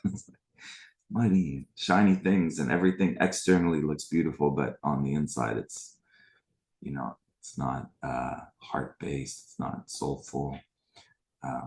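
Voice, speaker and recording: A bass-voiced Middle Eastern man in his forties hosts a spiritual retreat for a live online group. He greets attendees by name and casually shares the story of his life.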